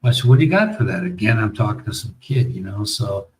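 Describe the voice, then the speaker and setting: An American podcast host with a lowish, slightly mellow voice talks fast with lively intonation, spinning a long, rambling story in casual chat. He swears often, restarts his sentences and leans on fillers. The audio is poor, with slight background noise.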